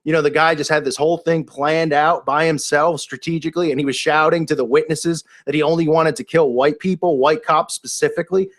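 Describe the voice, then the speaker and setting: Man, somewhat high-pitched voice, casual off-the-cuff monologue, rambling, incredulous tone, lots of fillers and restarts. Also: steady tone, fairly quick, few pauses. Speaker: video commentator.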